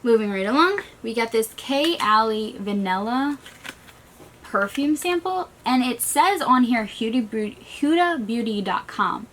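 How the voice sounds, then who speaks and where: A woman chatting casually through a beauty box unboxing, talking fast and trailing off, still recovering from a migraine in a small stuffy room. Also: a little high, expressive, a little hiss or hum. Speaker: beauty vlogger.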